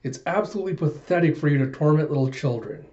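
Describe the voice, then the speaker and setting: A man reads as a bold samurai lord scolding others in a firm, declaiming manner. The tone is warm and mellow, and the recording sounds a bit dull and lo-fi. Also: fairly high pitch, fast talker, lightly acted. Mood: stern lecturing.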